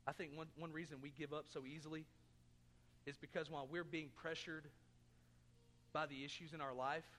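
A man's voice: on the high side, little pitch movement, normal speed, fairly bright tone, big-room sound, a little hiss or hum. A man preaching a sermon as pastor, earnest, asking his congregation questions and throwing in jokes. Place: church sanctuary.

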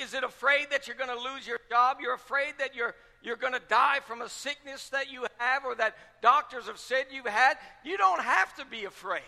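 A man's voice: extremely high pitch, sharp tone. A man pastor preaching a sermon with fervent, repetitive rhetorical questions. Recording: long reverb of a large hall.

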